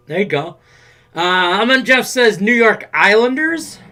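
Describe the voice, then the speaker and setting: A man's voice: very high-pitched, very animated, measured pace, bright, forceful tone. A man hosting a casual sports betting livestream, reading viewers' questions from the chat in a loose, joking way. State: out of breath. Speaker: show host reading chat.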